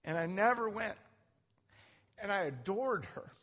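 A man sharing a candid, self-mocking recovery story to a group, with halting restarts. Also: high-pitched, big pitch swings, a bit bright, in a large hall. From Southern California. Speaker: recovery speaker. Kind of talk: personal story talk.

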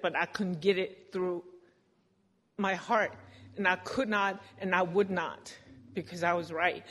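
Candid woman sharing in an echoing hall. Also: mid-range voice. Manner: candid, self-deprecating, often laughing. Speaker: recovering alcoholic sharing her story. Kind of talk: personal recovery testimony.

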